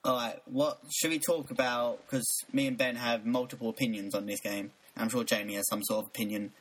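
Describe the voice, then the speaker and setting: A man's voice: medium pitch, steady tone, a little fast, breathy edge, poor audio. A young man co-hosting a casual podcast chat, chatty and playful, laughing often. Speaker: podcast co-host. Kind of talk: casual podcast chat about video games.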